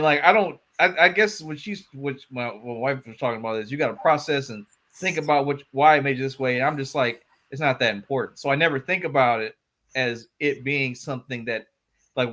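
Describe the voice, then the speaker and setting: A man's voice: a little high, sharp tone. A man co-hosting a casual podcast chat, laid-back and chuckling as he talks. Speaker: podcast co-host.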